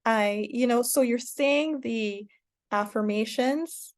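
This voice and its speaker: A woman teaching an online course in a casual, rambling way, with many fillers and restarts and sudden bursts of excited cheering. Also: on the high side, takes it slowly. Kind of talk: casual spoken lesson.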